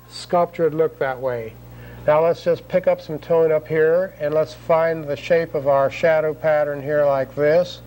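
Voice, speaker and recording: A man calmly narrating each step of a drawing demonstration as an instructor, repeating short phrases as he works. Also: a little high, a little hiss or hum, poor audio. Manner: calm, repetitive narration of each stroke.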